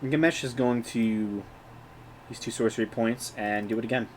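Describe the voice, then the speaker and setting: A man's voice: mid-range voice, fairly even intonation, moderate pace, darkish tone, slight background noise. A man narrating as game master of an online tabletop game in an easygoing way, thinking aloud between turns. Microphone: home streaming mic.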